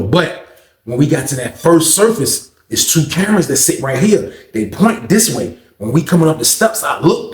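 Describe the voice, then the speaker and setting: Storyteller: man, animated, gravelly voice, echoey room. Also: mid-range voice. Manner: animated, acts out quotes and punch sounds. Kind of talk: casual prison storytelling.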